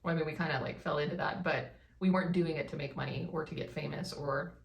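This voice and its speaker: Rambling woman with heavy vocal fry. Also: deep voice, fairly even intonation, fast. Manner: rambling, full of "like" and "um". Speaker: vlog co-host. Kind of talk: casual chat. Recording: echoey room, mic at a distance.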